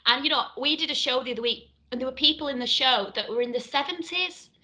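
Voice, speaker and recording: A woman's voice: high-pitched, fast, pushed and bright. A woman actor and presenter chatting animatedly as an interview guest. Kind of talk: casual interview chat.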